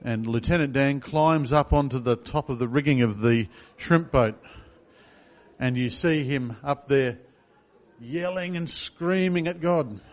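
A man's voice: mid-range voice, measured pace. A man preaching a sermon in a conversational way, asking the congregation questions. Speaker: pastor.

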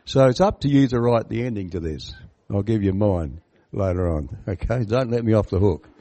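Animated male preacher giving a sermon. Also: mid-range voice. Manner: animated, emphatic, asks the listeners questions and comments on the text. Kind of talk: sermon on a Bible parable.

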